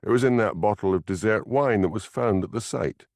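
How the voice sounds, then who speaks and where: A man's voice: on the low side, brisk, darkish tone, no room sound, clean studio sound, voice pushed up, lightly acted. A man voicing a matter-of-fact female pathologist who explains things in a clinical way, in a storybook.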